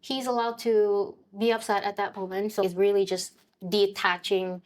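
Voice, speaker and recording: A woman speaking in a thoughtful, conversational way on a podcast. She often restarts her sentences and slips into lively quoted speech while recounting a family moment, at an ordinary pitch for a woman. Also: moderate pace. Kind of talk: reflective personal conversation.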